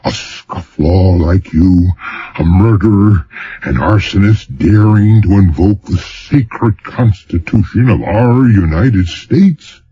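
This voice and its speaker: Man voicing pompous governor, blustering, weighty pauses, lively pitch, lo-fi. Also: slightly rough, full character voice.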